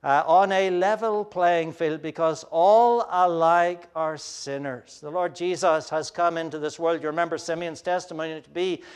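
A man preaching an expository sermon, earnest and explanatory, often pausing on fillers and turning to speak to the children. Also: on the high side, clean tone.

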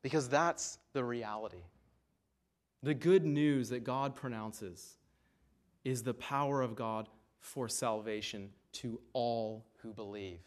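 A man's voice: medium pitch, slow pace. Earnest male preacher with rising emphasis. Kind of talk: sermon.

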